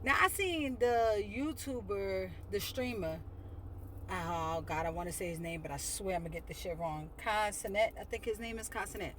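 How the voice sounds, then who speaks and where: A woman's voice: medium pitch, moderate pace, fairly bright tone, a little hiss or hum. A woman from New York with a New York accent, ranting bluntly to camera, swearing freely and sounding exasperated. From Westchester, New York. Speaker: vlogger. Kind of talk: casual rant to camera.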